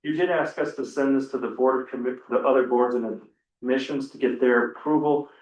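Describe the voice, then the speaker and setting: A man serving as town administrator lays out a code of conduct for the board. He speaks in a steady, explanatory way and offers to adjust when questioned. His voice carries the echo of a large meeting room. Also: medium pitch. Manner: explanatory, measured, accommodating.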